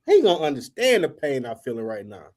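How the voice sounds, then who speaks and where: A man's voice: mid-range voice, quick pace. A man hosting a talk show, telling a story in casual chat, acting out the dialogue and swearing freely. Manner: animated, acts out quoted dialogue, swears freely. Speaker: podcast host.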